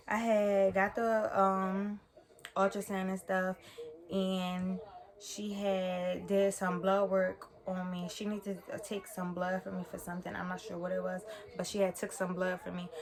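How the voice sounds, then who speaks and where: A young woman, telling a personal story in a casual storytime vlog from her bedroom, rambling and correcting herself as she goes. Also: mid-range voice. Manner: casual, rambling, self-correcting with many fillers. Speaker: vlogger.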